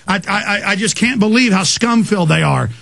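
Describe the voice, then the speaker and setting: A man's voice: sits high, lively intonation, fairly quick, gravelly, fairly bright tone, no room sound. A man hosting talk radio, ranting in a fiery torrent of accusations. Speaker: radio host.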